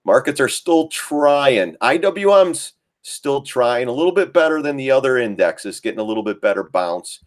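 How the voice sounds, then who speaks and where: A man's voice: mid-range voice, very animated, moderate pace, few pauses. A man hosting a live trading stream, chatting casually about charts, laughing often and mimicking panicked traders. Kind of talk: casual live market commentary.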